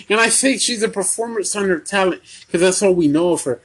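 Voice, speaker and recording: A young man hosting a casual wrestling recap podcast, talking in a halting way with many ums and restarts. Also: high voice, fairly bright tone, breathy edge. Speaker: podcast host.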